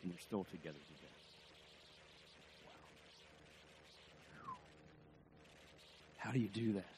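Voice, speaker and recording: A man preaching a sermon as pastor, telling stories and asking the congregation questions, moving between soft, quiet passages and loud emphatic ones. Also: rumbling low, wildly swooping pitch, slow, a little hiss or hum. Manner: storytelling, swings from hushed to emphatic, asks the audience questions.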